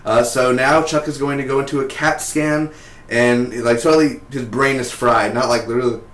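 A man talks through a TV episode in a casual, excited spoiler review. His voice sits at an ordinary middle pitch, and he keeps up a chatty flow full of "man" and "dude." The room around him is noticeably echoey. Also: moderate pace. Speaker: TV show reviewer.

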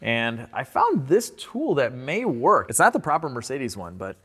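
A man hosting a car-repair video who explains his work casually and jokes between tasks, sometimes letting out excited whoops. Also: mid-range voice, normal speed, slightly rough. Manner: upbeat and joking, with sudden excited whoops. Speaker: host and car mechanic. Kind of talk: casual repair vlog commentary. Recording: echoey garage reverb.

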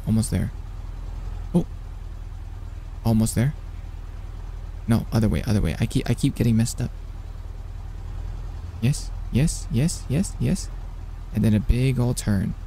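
Live gameplay commentary comes from a young streamer with a medium-pitched voice and slight background noise. He's excitable and flustered, talking to himself and repeating the same words over and over.

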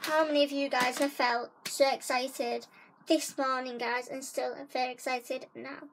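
Filming a laid-back haul vlog in her bedroom, this young vlogger speaks in a high voice with little pitch movement at a measured pace. Background noise is audible as she gushes chattily to her audience, repeatedly saying "guys."

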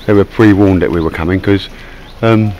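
A Cockney man with a notably deep, low voice talks to his camera outdoors in a chatty, rambling vlog. He jokes his way along with lots of fillers, recorded on a camera mic with faint outdoor ambience behind him. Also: normal speed, darkish tone, a little hiss or hum, low-quality recording. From London. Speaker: vlogger. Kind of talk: casual vlog chat to camera.

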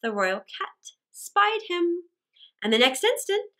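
A woman narrating children's fables aloud, animated and expressive. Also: high-pitched. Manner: animated and expressive, slow and clear. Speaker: storyteller for children.

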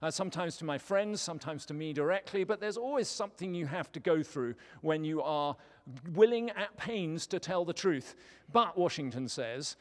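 A man preaching a sermon, telling stories with a light, humorous touch. His voice sits a little high for a man. A long church reverb trails every phrase. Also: expressive, moderate pace. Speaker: pastor. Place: church sanctuary.

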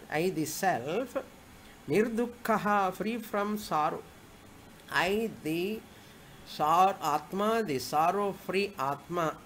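A woman's voice: mid-range voice, slight background noise. A woman spiritual teacher, explaining scripture patiently and repeating Sanskrit verse phrases as she goes. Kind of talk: scripture lecture.

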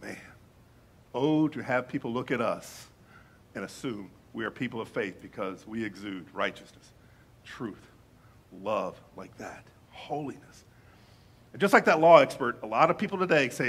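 Husky man preaching with loud-soft swings. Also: a little high, normal speed. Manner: conversational, animated, swings from loud emphasis to quiet asides. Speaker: pastor. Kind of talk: sermon.

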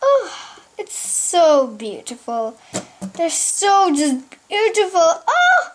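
Brief: woman playing a high, sing-song schemer doll, gleeful and sneaky, noisy home recording. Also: wildly swooping pitch, slow, full character voice. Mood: scheming. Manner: gleeful, scheming, whispers to hide. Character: scheming female villain doll, sneaky and greedy. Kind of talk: toy play voice acting.

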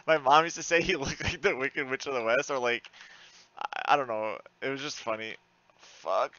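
A man giving live commentary while playing an online game, frustrated and excitable, swearing often with sudden loud outbursts. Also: medium pitch, unhurried, dry recording, lo-fi sound.

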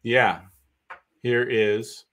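A man's voice: medium pitch, steady tone, extremely slow, a bit bright. A man co-hosting a genealogy live stream, dropping brief, wry remarks in casual chat.

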